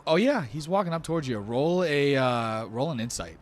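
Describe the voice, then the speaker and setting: A man narrating a tabletop game as game master in a casual, animated way, with many likes. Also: medium pitch, moderate pace.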